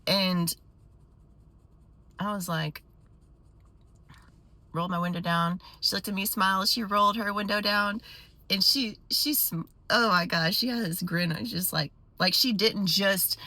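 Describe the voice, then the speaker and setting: A woman vlogger telling a story to her viewers in a casual, animated way with quick asides. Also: mid-range voice, no room sound.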